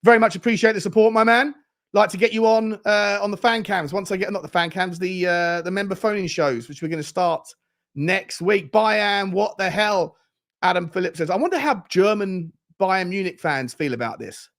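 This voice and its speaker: Hosting a live football watchalong, this man talks at a moderate pace in a high voice with a fairly bright tone. He keeps it casual, reading viewer comments aloud and asking his audience questions.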